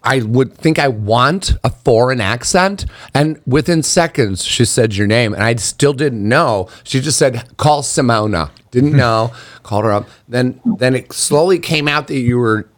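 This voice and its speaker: A middle-aged man chatting as a guest on a talk show, telling stories with an animated, laughing delivery. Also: mid-range voice, dry recording. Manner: animated storytelling, quick laughs. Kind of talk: casual interview chat.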